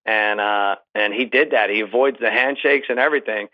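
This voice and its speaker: A man who is a regular guest on a podcast, telling stories in a deadpan, teasing way. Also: on the low side, moderate pace. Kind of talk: casual chat. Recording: dull, muffled remote line.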